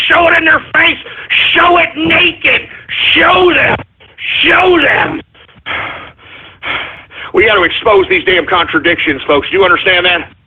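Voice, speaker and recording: A man's voice: extremely high pitch, breathy edge, exaggerated voice. A man playing a blustering, foul-mouthed Texan talk radio host who rants, curses and stumbles over his words. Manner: ranting, cursing, stumbling over words, drunk-sounding bravado. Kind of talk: parody talk radio rant. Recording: tinny phone-like radio sound.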